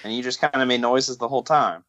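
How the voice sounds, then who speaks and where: A man co-hosting a podcast in casual chat, deadpan and jokey, sometimes drifting into a put-on drawl. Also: medium pitch, fast, highs cut off. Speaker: podcast co-host.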